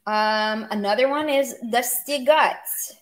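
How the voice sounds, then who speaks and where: Upbeat woman, casual teacher, higher voice, explains plainly with humorous asides. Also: slow pace. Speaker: language teacher. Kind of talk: casual online language lesson.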